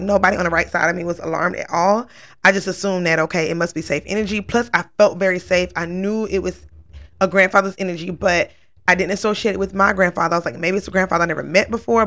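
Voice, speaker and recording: A woman's voice: fairly low pitch, steady tone, fast talker, a bit bright. A woman casually telling a long personal story, rambling and earnest, full of "like" fillers. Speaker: vlogger recounting a dream.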